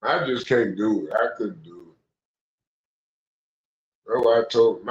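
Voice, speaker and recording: A man's voice: lowish voice, unhurried, pauses often. A young man hosting a casual call-in stream, talking in loose, profane, preachy rants. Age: young adult. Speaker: stream host. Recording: echoey, dull lo-fi room sound.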